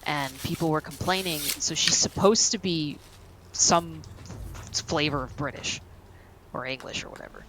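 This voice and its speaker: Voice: medium pitch, moderate pace, noisy background. A gamer chatting casually and self-deprecatingly about accents. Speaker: gamer in voice chat. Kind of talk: casual chat.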